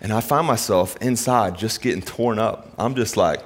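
Pastor guy, middle-aged, storytelling sermon, quiet then big. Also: on the low side, normal speed. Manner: storytelling, swings from hushed to emphatic.

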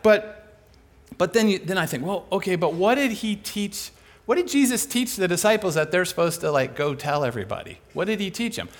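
A man delivers a sermon in an animated, conversational way, posing rhetorical questions and answering them himself. His voice is on the high side.

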